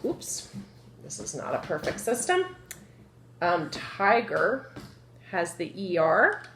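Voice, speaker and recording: A woman teaching young children a phonics lesson, slowly drawing out word sounds and asking the class questions. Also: on the low side. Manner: slow, drawn-out sounding of words; lively, encouraging, asks the children questions. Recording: echoey room with faint noise.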